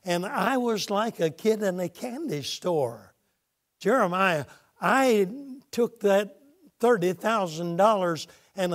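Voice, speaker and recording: A man preaching a sermon, telling stories and quoting scripture with dramatic pauses. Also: high voice. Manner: dramatic pauses, retells stories with acted quotes.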